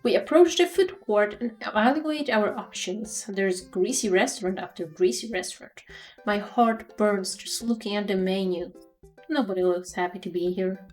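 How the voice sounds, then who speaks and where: A woman streamer reads a game's story aloud, slipping into wry, chatty remarks between passages. Her voice sits at a middling pitch, and faint music plays underneath. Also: moderate pace, a little mellow. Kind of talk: reading a game aloud with casual commentary.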